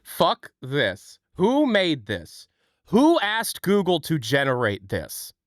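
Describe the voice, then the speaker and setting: A man chatting casually on his live stream, thanking viewers and swearing freely. His pitch jumps up and down a lot. The sound is dry and close to the mic. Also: huge pitch swings, slow pace, no room sound. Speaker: livestream host.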